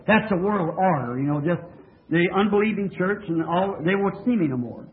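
A man's voice: sits high, animated, normal speed. A man preaching a sermon in a church, asking the congregation questions and pressing his points emphatically. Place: church tabernacle. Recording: tinny lo-fi old tape.

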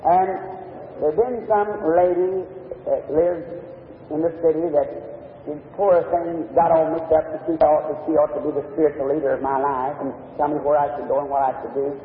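A man preaches a sermon, spinning a personal story in a homespun, plain-spoken way, his voice a little on the high side. He sounds far from the microphone, with the long echo of a big hall around him. The old recording is thin and tinny, with a faint rumble underneath. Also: fairly even intonation, moderate pace. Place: large meeting hall with an audience.

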